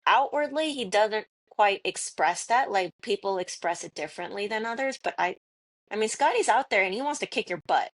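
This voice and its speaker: A young woman being interviewed as a guest golfer, talking earnestly with halting restarts. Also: medium pitch, lively intonation. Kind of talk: casual interview talk.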